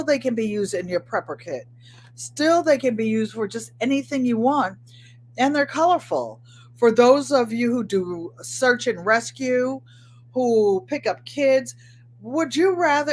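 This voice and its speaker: Chatty older woman hosting a sewing vlog. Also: a little high. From Connecticut. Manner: rambling, talks to viewers by name. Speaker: crafting channel host.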